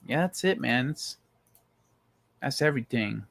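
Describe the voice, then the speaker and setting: Lively, profane male livestream host. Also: on the high side, normal speed, no room sound. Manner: loose, profane, joking with chat. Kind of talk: casual livestream chat reading viewer comments.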